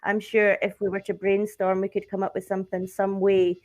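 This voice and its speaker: A woman's voice: medium pitch, level tone, brisk, darkish tone. A woman co-hosting a casual livestream, reading out chat comments in an easygoing way.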